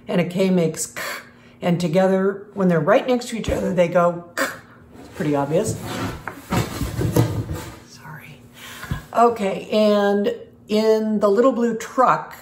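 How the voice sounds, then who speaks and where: A woman's voice: mid-range voice, a little mellow, reverberant, a little hiss or hum. An older woman, a former teacher, reading a rhyming picture book aloud and explaining phonics sounds to young children in a patient way. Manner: slow, patient storybook reading with animal sounds.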